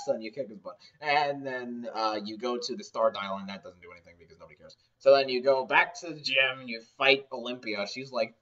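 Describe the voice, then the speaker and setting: A man's voice: mid-range voice, quick pace, hardly any pauses, fairly bright tone. A man giving a rambling, sarcastic comedic game recap, swearing often, recorded on a dull, lo-fi mic. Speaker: game ranter.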